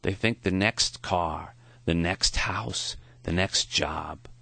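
A man voicing a frail elderly male professor in his seventies, with a foggy, high-pitched voice and a slow, soft, tender delivery. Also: vocal fry, dry recording, exaggerated voice. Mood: reflective. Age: 70s.

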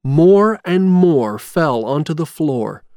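A storyteller reading a storybook aloud in a slow, clear, expressive way. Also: medium pitch, no room sound, studio quality. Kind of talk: scripted storybook narration.

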